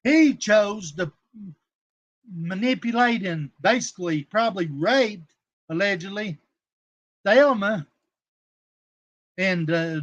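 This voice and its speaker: A man's voice: sits high, a bit bright, lo-fi sound. A man hosting a casual livestream, rambling and combative with coarse language, calling out chat viewers by name. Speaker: livestream host.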